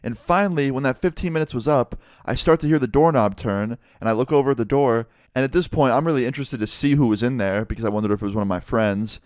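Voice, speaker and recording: A young man recounts a story in a casual, animated way, swearing freely. His voice is smooth and clear. The sound is close and dry, with no room around it. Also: mid-range voice, fast, hardly any pauses, dry recording. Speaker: vlogger.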